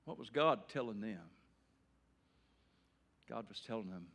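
A middle-aged male pastor preaching an evening sermon in a folksy way, swinging between loud emphatic bursts and quiet earnest talk. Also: medium pitch, expressive, moderate pace, pauses often.

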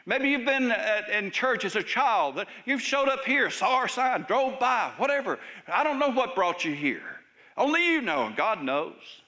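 Man, pastor, sermon, bright tense tone, emphatic with hushed drops. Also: high-pitched, very animated, measured pace. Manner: emphatic preaching that swings between raised lines and soft, hushed drops. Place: church service.

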